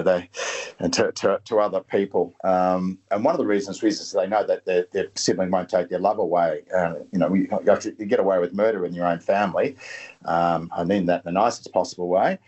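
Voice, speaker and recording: A middle-aged man, a guest author talking in a halting way and often repeating his words. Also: sits low. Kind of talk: casual interview talk.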